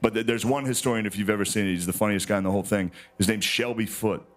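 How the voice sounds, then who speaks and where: A young adult man doing a stand-up monologue, deadpan and rambling as he tells his story. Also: on the low side, fast. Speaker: stand-up comedian.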